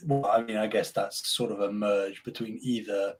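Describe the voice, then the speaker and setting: A man's voice: lowish voice, fairly even intonation, moderate pace, breathy edge. A man co-hosting a gaming podcast, giving dry, wry replies in casual chat. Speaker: podcast co-host.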